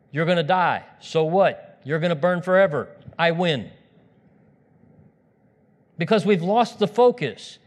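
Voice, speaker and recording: A man with a fairly high voice preaches a sermon in a church hall, where his words ring out with a long reverb. He talks straight to the congregation, leaning hard on key lines and then dropping into quiet, personal asides.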